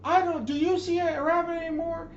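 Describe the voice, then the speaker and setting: A man barking as a shouting drill instructor. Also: little pitch movement, a little fast, slight background noise. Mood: yelling. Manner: shouting, high-pitched bark. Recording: roomy dull recording.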